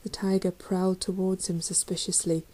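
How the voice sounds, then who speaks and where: Female narrator for a children's fantasy book, low and mellow, reads dramatically. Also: flat delivery, normal speed, poor audio. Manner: dramatic reading, raising voice for shouted lines. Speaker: audiobook reader. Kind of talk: storybook narration.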